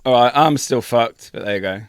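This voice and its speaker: A man's voice: mid-range voice, fairly quick, smooth, dry recording. A man co-hosting a podcast, asking friendly questions and laughing often in casual chat. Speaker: podcast co-host.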